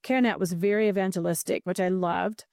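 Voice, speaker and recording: A woman's voice: mid-range voice, steady tone, brisk, vocal fry, a little mellow, dry recording, clean studio sound. A middle-aged woman, a podcast guest, telling a heartfelt story with earnest emotion and frequent restarts.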